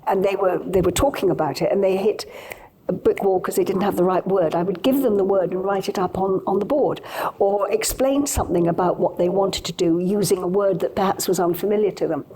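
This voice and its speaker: A woman's voice: mid-range voice, brisk, slight background noise, low-quality recording. Older British woman recounting a story. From Britain. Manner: animated anecdotal telling with quoted dialogue and frequent restarts. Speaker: guest, TV journalist. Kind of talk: conversational storytelling. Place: on stage at a live event.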